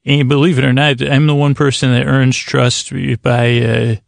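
A man hosting a sleep podcast, giving a meandering, self-deprecating late-night intro in creaky, dulcet tones, speaking close and personally to the listener. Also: mid-range voice, flat delivery, moderate pace, no echo.

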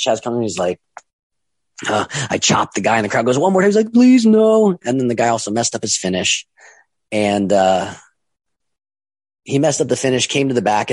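In a brisk, mid-range voice with no room sound, a middle-aged man who promotes and trains wrestlers tells a long casual story. He rambles and acts out the voices of the characters.

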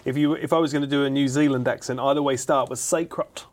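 A man with an Essex accent, a panel show team captain, chatting in a rambling, animated way. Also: mid-range voice, racing. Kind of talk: casual panel chat. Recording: background noise.

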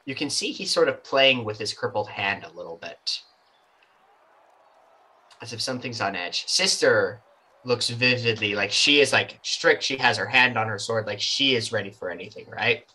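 A man's voice: mid-range voice, animated, normal speed, sharp tone, breathy edge, rough recording. A man narrating a tabletop game as game master, in a loose, rambling way full of hedges and asides.

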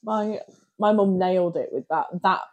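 Husky woman laughing through stories. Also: mid-range voice, normal speed, muffled recording. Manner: laughs often, animated storytelling. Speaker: podcast co-host. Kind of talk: casual chat.

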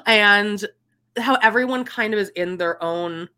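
A woman co-hosting a podcast over a video call, chatting casually and animated, often laughing and trailing off mid-sentence. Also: medium pitch, unhurried, smooth. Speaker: podcast co-host. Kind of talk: casual chat.

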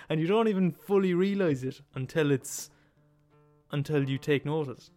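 A man's voice: on the high side, a little slow, dark tone, no echo, soft background music. A man hosting a podcast, delivering a comedic rant full of swearing and emphatic repetition. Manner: profane, emphatic, laughs at his own points. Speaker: podcast host.

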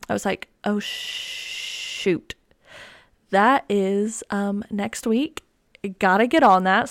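A woman's voice: medium pitch, vocal fry, no room sound. Young woman rambling on her first podcast, lots of likes and ums, pokes fun at herself, dry close mic. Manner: chatty and self-mocking, many fillers like "like" and "um". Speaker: podcast host. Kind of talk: casual solo podcast chat. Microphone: desk microphone with headphones.

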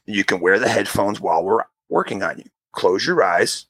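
At normal speed, this husky-voiced man in his fifties recounts a long personal story in casual conversation, with no echo. He acts out the characters animatedly, leaping to a high pitch whenever he quotes someone.

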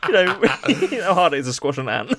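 A young man co-hosting a casual chat podcast, with a gravelly voice whose pitch leaps around. He jokes and laughs quickly and swears freely. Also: sing-song, very noisy. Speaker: podcast co-host.

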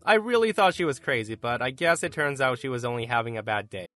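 A man hosting a podcast, reading stories aloud in an animated storytelling way. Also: quick pace, soft background music. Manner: animated storytelling with lively pitch.

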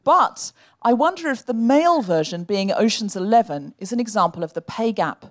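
A woman hosting a live comedy podcast on stage, delivering jokes in a quick, wry way. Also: a little high, expressive. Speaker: host. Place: live stage before an audience.

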